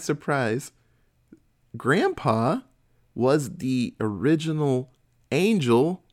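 A man in casual chat, retelling a movie plot in a profane, laughing storytelling manner. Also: mid-range voice.

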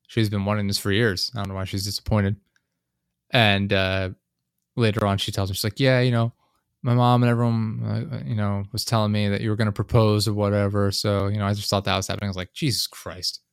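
A man with a lowish voice tells a story in casual conversation, swearing freely as he vents. The sound is dry and close, with no room around it. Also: level tone, quick pace, clean tone, no room sound. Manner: profane, ranting storyteller. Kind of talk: casual chat.

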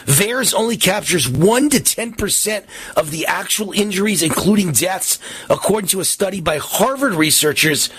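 A man's voice: sits high, moderate pace, slightly rough, dry recording. A man hosting a talk radio show, ranting with indignation and acting out little scenes as he talks. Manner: animated and indignant, acts out scenes.

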